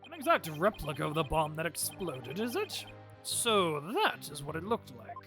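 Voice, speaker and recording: A woman's voice: low-pitched, big pitch swings, moderate pace, over music, voice pushed down. Woman doing a fussy old judge. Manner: flustered, mildly scolding. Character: older, fussy male courtroom judge.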